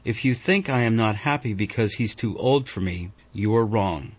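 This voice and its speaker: A man's voice: lowish voice, animated, moderate pace, husky. A man reading an audiobook voices a guarded, emotional young woman who speaks hastily. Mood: pleading. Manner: tense, hasty. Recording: dull, dry audiobook recording.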